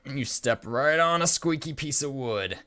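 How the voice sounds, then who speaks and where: A man's voice: medium pitch, expressive, unhurried, bright, forceful tone. Casual man running a tabletop game. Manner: casual, hesitant, many fillers. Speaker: game master.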